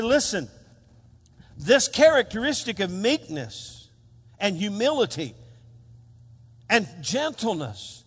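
A man preaching a sermon as pastor, animated and calling out for responses from the congregation. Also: extremely high pitch. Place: church sanctuary. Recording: long hall reverb.

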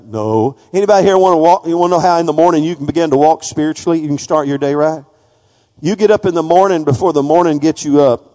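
A male preacher giving a folksy sermon that builds to fervent, shouted praise. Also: a little high, long reverb tail.

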